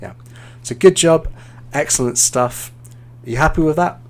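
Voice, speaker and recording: A man with a British accent, an English teacher hosting a live stream, giving relaxed, encouraging speaking feedback with frequent "um" fillers. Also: on the high side, moderate pace, gravelly. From Britain.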